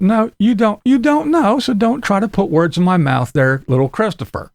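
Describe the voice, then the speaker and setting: A middle-aged man rants sarcastically at a rival, repeating himself and mocking as he goes. His gravelly voice sits a little high and swings widely in pitch. The sound is dry and close. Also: very animated, normal speed, no room sound. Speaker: YouTube commentary vlogger. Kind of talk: ranting casual commentary.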